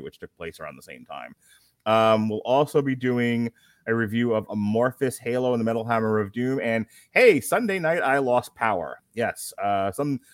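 A man's voice: lowish voice, fairly bright tone, smooth, no echo. A man hosting a casual chat show, joking and laughing often as he runs through the upcoming episodes. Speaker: podcast host.

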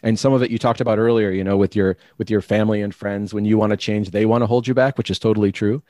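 A middle-aged man with a fairly low voice talks through his thinking, often restarting his sentences as he works toward a point. The recording is close and dry, with no room sound. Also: fairly even intonation, fast talker, a little mellow, dry recording. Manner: reflective, explanatory, frequent restarts. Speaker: guest. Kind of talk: conversational interview.

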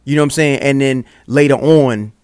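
A man's voice: medium pitch, fairly quick, a little mellow, smooth, dry recording, clean studio sound. A man co-hosting a podcast in casual chat, arguing his point earnestly with frequent restarts. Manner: earnest, argues with repeated stumbles. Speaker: podcast co-host.

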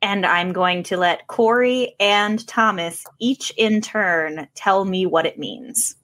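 A woman's voice: mid-range voice, slow, fairly bright tone. Playful woman hosting a casual podcast. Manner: playful, teasing. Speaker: podcast host. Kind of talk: casual chat.

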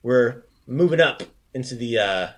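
A man hosting a casual podcast language lesson, encouraging his co-host and repeating phrases slowly. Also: mid-range voice, lively intonation.

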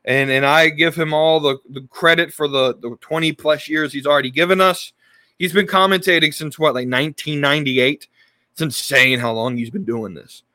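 A man's voice: a little high, steady tone, normal speed, bright, forceful tone, no echo. A man hosting a casual podcast, talking in a loose, rambling way with many restarts and fillers. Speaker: podcast host. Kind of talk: casual wrestling podcast talk.

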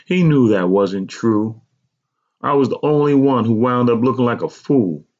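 A man's voice: lowish voice, animated, moderate pace, vocal fry, muffled recording, voice pushed up. A man voicing a regretful mother who recounts a painful youth, speaking in a raised, strained voice. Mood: pained. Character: pained, regretful mother recalling a hard youth.

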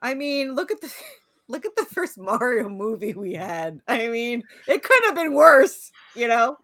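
A woman's voice: fairly high pitch, very animated, a little slow, a bit bright, no room sound. A middle-aged woman co-hosting a podcast, chatting casually, laughing often and trailing off with fillers. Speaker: podcast co-host. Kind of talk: casual chat.

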